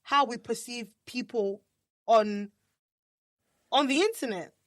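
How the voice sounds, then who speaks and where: A fairly high-voiced woman with a Nigerian accent, talking bluntly in a casual podcast chat. She stumbles over her openings, repeating words before she gets going. The sound is dry and close. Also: slow, dry recording. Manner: repeats words when starting a thought, blunt. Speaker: podcast co-host.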